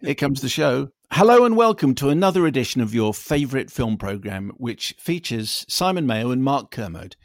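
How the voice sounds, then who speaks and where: A man's voice: medium pitch, sing-song, moderate pace, hardly any pauses, no room sound. A man co-hosting a film podcast from a spare room at home, chatting casually and reading listener emails aloud in a dry, teasing way. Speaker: podcast co-host.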